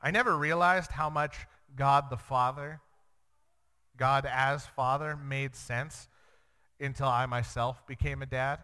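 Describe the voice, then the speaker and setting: A man, a young father, teaching through a Bible passage in an earnest way, acting out the quoted lines with sudden jumps in pitch. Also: pushed and bright. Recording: long reverb.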